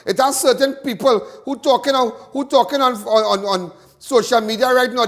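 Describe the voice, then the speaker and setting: Hosting a live crime talk show, a very high-pitched Trinidadian man launches into a fiery monologue. He repeats himself often and stumbles into stammered restarts.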